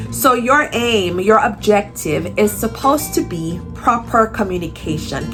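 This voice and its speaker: A woman with a Jamaican accent hosting a language lesson, explaining clearly and slowing down to model example phrases. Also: mid-range voice. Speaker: Spanish teacher and video host. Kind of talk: instructional video talk.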